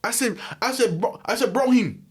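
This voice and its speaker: A man's voice: very high-pitched, expressive, moderate pace, slightly rough, voice pushed up, full character voice. An American man doing an exasperated young British man with a put-on London accent, ranting and repeating slang tags.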